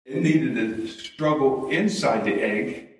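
A man's voice: medium pitch, lively intonation, slow pace. A middle-aged male pastor preaching a sermon, telling folksy stories and chuckling at his own jokes. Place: church sanctuary. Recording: very echoey church from a distance. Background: congregation responses.

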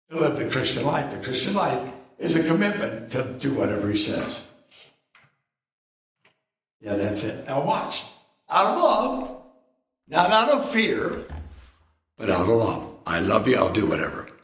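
A man's voice: medium pitch, echoey room. A man preaching a sermon in a conversational, emphatic way, now and then raising his voice. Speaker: pastor.

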